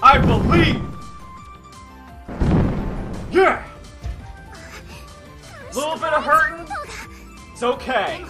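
A man streaming a video game, commentating live and cheering and shouting at the screen. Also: extremely high pitch, lively intonation, slow, over music. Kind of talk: excited live gameplay commentary.

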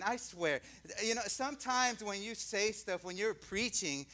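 A man's voice: high-pitched, animated, unhurried, pushed and bright. A male pastor preaching a conversational sermon, often asking the congregation questions and drawing out key words for emphasis.

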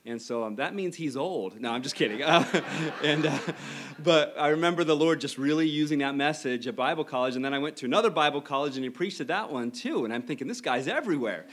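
A man's voice: on the high side, fast. A man, the church's pastor, introducing a guest preacher in a friendly way with light teasing. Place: church sanctuary.

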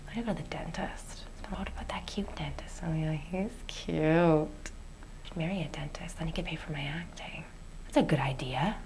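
A woman's voice: fairly low pitch, slight background noise, close to an everyday voice. A woman playing a ditzy daydreaming actress. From Canada. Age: 20s. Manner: rambling, full of "like" fillers, flips between hushed whispers and excited outbursts. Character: ditzy, daydreaming young woman, dreamy and naive. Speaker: aspiring actress. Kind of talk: comedic web series monologue.

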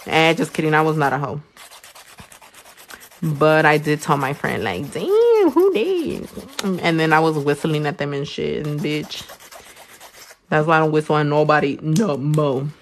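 A young woman, a nail technician chatting casually on a livestream while she works. She tells stories animatedly, swears freely and jumps into squeaky high voices. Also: steady tone, moderate pace, long pauses, slight background noise.

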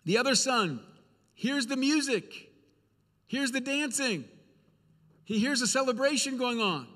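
A man's voice: very high-pitched, animated, unhurried, bright, forceful tone, long reverb tail. A male preacher giving a sermon in a church, speaking earnestly and repeating phrases for emphasis.

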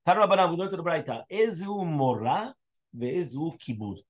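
This rabbi's voice runs on the high side, animated and a little fast, as he teaches a Daf Yomi Talmud class. He quizzes his students throughout, blending Hebrew and Aramaic words into his English.

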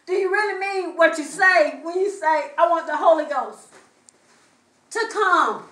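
A woman's voice: extremely high pitch, unhurried, fairly bright tone. A middle-aged woman preaching a sermon with a fervent, repetitive cadence, heard in a church. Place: church sanctuary. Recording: echoey room from far off.

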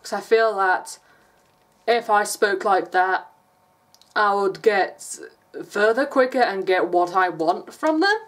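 A woman's voice: mid-range voice, slow. A woman from England with an English accent, chatting casually in a rambling vlog and laughing often. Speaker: vlogger.

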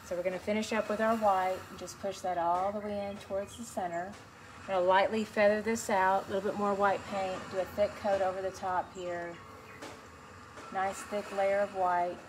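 In a mid-range voice and at a fairly quick clip, a woman painting instructor guides beginners through a relaxed, step-by-step lesson, describing each stroke as she works. She comes across as chatty and encouraging, with steady background noise clearly audible behind her.

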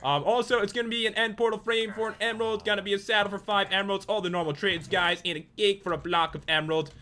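A man's voice: high voice, flat delivery, quick pace, bright, forceful tone, a little hiss or hum. A young man hosting a casual gaming video, joking and rambling with lots of fillers.

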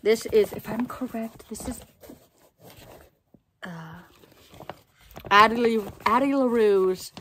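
A young woman unboxes a parcel for her book channel, talking at an unhurried pace. She keeps saying how excited she is and fills her sentences with little fillers. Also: fairly high pitch, background noise. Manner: chatty, excitable, lots of fillers. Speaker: book vlogger. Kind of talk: casual unboxing chat.

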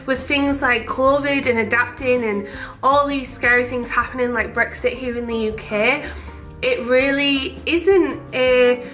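A young woman with a northeast English Teesside accent, chatting in a gushing, bubbly way. Her voice sits high and sounds crisp and bright. Soft music plays faintly behind her. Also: steady tone, measured pace. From Teesside, northeast England. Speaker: shop owner and vlogger. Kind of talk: casual chat while tasting sweets.

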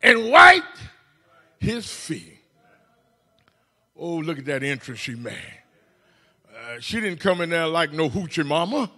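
A man preaching a Mother's Day sermon in church, shouting in bursts, stammering on repeated words and calling out to the congregation. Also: fairly high pitch, unhurried, pauses often. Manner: calls "hello, somebody" to the congregation. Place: church sanctuary.

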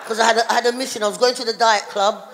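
A middle-aged woman performing a stand-up comedy routine, telling an animated story full of voiced characters. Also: on the high side, very fast, a little hiss or hum. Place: town hall stage. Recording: live in a reverberant hall.

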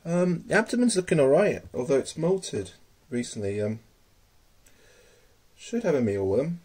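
A man's voice: on the high side, big pitch swings, measured pace, a little mellow, husky. Easygoing man with lots of ums. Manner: hesitant, many ums, murmurs fondly to his pets. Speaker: tarantula keeper. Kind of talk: casual hobby video.

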